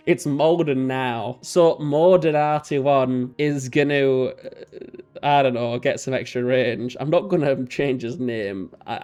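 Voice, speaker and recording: A young man talks through his strategy game in a loose, self-mocking way, cracking jokes and sometimes slipping into daft high voices. His voice sits at an ordinary middle pitch, with faint game music playing underneath. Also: darkish tone. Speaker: let's play host. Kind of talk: casual gameplay commentary.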